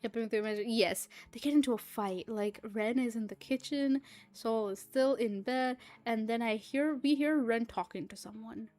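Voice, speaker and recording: A young woman livestreaming, telling a rambling, animated story full of fillers, swearing and laughter. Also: fairly high pitch, moderate pace, faint music behind. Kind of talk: casual storytelling chat.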